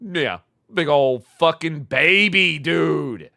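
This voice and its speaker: A man's voice: on the high side, animated, slow pace, gravelly, sharp tone, dry recording, clean studio sound. A man streaming a live reaction, mocking a clip with profane, repetitive commentary. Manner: mocking, profane, repeats phrases for emphasis.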